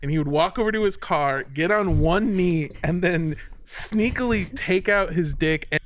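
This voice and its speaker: A man's voice: high voice, moderate pace, fairly bright tone, slight background noise. A man, a comedian, casually telling a comic story about a friend, in a playback clip. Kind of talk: storytelling anecdote.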